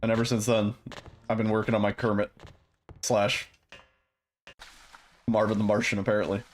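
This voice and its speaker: A man's voice: lowish voice, little pitch movement, normal speed, slight background noise. A young man streaming a game speedrun, chatting casually and loosely with viewers, rambling and swearing now and then.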